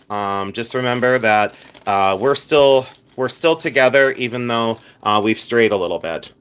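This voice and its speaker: A man's voice: lowish voice, a bit bright, clean tone. A man hosting a casual live stream, chatting playfully with viewers, reading out their comments and laughing often.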